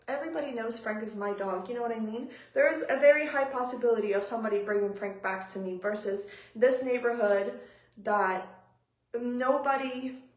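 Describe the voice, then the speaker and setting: A young woman with a fairly high voice tells a story to her live-stream viewers, swearing often and rushing breathlessly through it. Her voice rings in a roomy, echoing space. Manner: animated, profane, breathless retelling. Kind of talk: casual storytelling. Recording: roomy echo.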